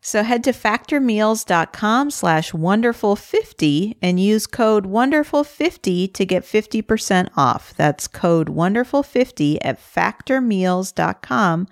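A woman co-hosting a podcast, reading ads and listener messages in a brisk, friendly way. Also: mid-range voice, animated, no echo, studio quality. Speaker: podcast co-host. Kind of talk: casual chat and ad reads.

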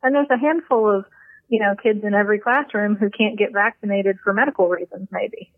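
A woman doctor calling in to a podcast, explaining things calmly in casual chat. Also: mid-range voice, fairly quick, dry recording. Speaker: doctor, guest caller. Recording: phone line.

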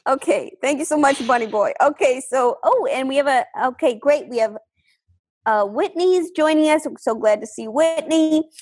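A woman hosting a comedic call-in game show, deadpan and rambling with fillers. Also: high-pitched, moderate pace. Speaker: host.

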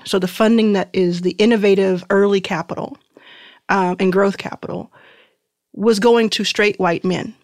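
A woman's voice: mid-range voice, no echo. Brief: woman, late 30s, investor guest, easy reflective delivery, dry close sound. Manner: relaxed, reflective, with fillers. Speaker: guest, venture capitalist. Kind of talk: interview conversation.

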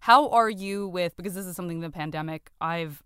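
A woman's voice: lowish voice, a little fast, a bit bright, clear, resonant tone, no room sound, studio quality. A woman hosting a podcast in casual chat, rambling and giggly, sometimes slipping into playful voices. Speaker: podcast host.

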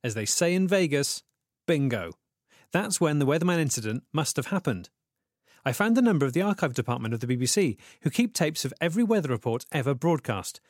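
A man narrating a comedy podcast investigation in an earnest, self-important, deadpan way. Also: on the high side, a little fast, dry recording, clean studio sound.

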